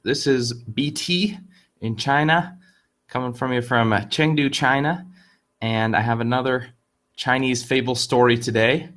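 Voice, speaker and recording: A man telling a fable to camera in a casual, lively lesson, often repeating words and restarting his sentences. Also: lowish voice. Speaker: online Chinese idiom teacher.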